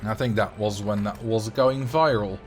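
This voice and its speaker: A man's voice: on the low side, normal speed, soft background music. A man in his late twenties hosting a livestream, telling rambling anecdotes in casual chat. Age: late 20s. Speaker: livestream host.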